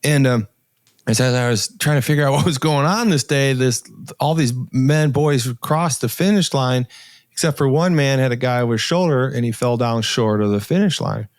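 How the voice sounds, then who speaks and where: A man in his sixties, a podcast guest, telling a personal story in an earnest, halting way with many restarts and pauses. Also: medium pitch, dry recording, studio quality. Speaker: podcast guest, author and entrepreneur.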